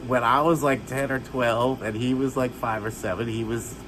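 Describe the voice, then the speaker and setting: A man telling rambling, halting stories about his childhood, jumping from one memory to the next. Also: steady tone, a little hiss or hum, poor audio. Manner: rambling, halting, restarts and jumps between stories; shouts and jumps high when acting out others. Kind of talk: rambling personal storytelling.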